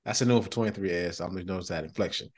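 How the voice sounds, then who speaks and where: A middle-aged man hosting a podcast in casual chat, animated and slangy, often laughing. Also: low voice, very fast, husky. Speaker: podcast host.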